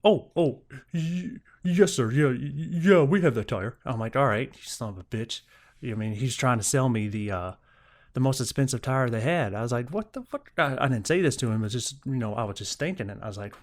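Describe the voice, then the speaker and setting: A man's voice: medium pitch, fairly quick. Profane young man telling a story. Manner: profane, animated retelling with acted-out quotes. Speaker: podcast host. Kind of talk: casual storytelling monologue.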